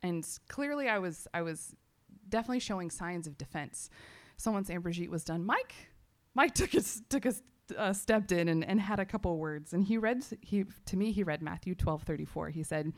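A woman from Texas, giving an animated personal testimony to a church audience, full of fillers and quoted self-talk. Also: lowish voice, a little fast.

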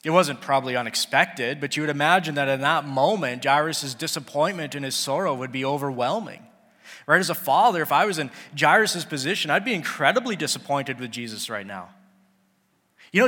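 A man's voice: a little high, lively intonation, a little fast, pushed and bright. Earnest preacher man in a reverberant hall. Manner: earnest, conversational, acts out biblical characters. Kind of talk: sermon.

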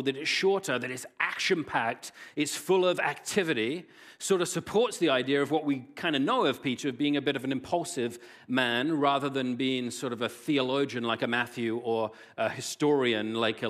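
Animated male pastor preaching. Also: medium pitch, normal speed. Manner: animated storytelling with wide swings in loudness. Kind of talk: sermon.

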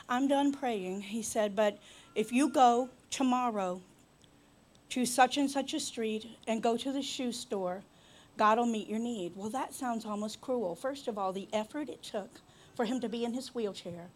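High-voiced woman preaching a fervent sermon. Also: a little mellow. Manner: storytelling with rising fervor, teasing asides.

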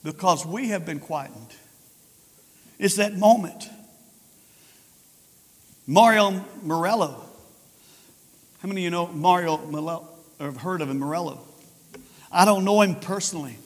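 A man preaching a sermon as pastor of a church, swinging from shouted proclaiming to low, quiet passages. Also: measured pace, pauses often, long reverb tail. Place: church sanctuary.

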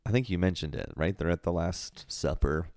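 Man, low-pitched, gravelly, casual podcast discussion, dry close sound. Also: moderate pace, no echo. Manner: relaxed, thinking aloud with frequent fillers. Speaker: podcast co-host.

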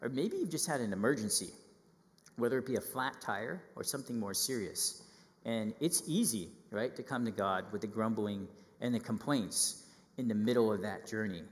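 Animated preacher man in a hall. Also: lowish voice, moderate pace. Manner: lively, acts out quoted voices, asks listeners questions. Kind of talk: children's sermon.

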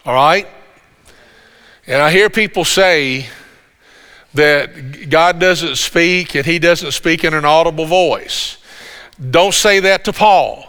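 A man preaching a sermon as pastor in a conversational way, stumbling over restarts and building to loud emphasis. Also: on the high side. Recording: long hall reverb.

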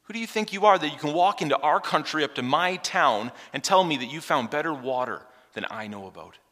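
A proud Samaritan woman at the well, as a preacher puts her on in his own voice, pushing back with one incredulous question after another. The tone is bright and edgy. Long reverb hangs behind every line. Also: mid-range voice, lively intonation, a little fast.

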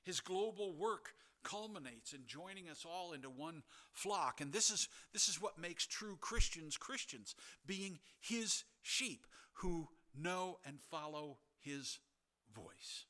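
A man preaching a sermon as a pastor, earnest and building to emphatic, insistent peaks, with soft, near-whispered asides. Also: a little high, animated, slow pace.

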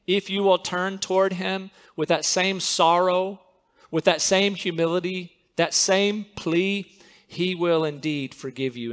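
A man preaching a sermon as a pastor, earnest and pleading, dropping to a hush at his appeals. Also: high-pitched. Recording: long hall reverb.

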